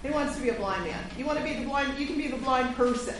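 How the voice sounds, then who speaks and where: A woman pastor reading scripture and leading a children's sermon, gentle and encouraging with coaxing questions. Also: high-pitched, fast talker, noisy background. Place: church sanctuary. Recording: echoey church from far off.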